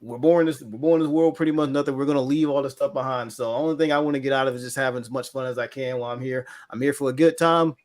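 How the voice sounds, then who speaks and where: A man's voice: mid-range voice, steady tone, very fast, hardly any pauses. A man talking as a guest on a casual gaming podcast, earnest and rambling with many restarts. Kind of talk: casual chat.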